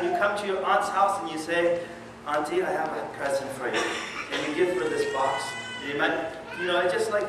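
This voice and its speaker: Guy giving a chatty sermon, bit high voice, far off mic in a boomy hall. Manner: conversational, animated, asks the audience questions. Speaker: Islamic lecturer. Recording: echoey hall from far off, noisy.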